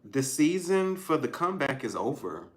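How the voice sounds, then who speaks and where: A man's voice: on the high side, very animated, normal speed. A man giving a casual tarot reading to his viewers, thinking aloud, restarting his sentences and talking straight to them. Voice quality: musing, stops and restarts, soft laughs. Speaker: tarot reader.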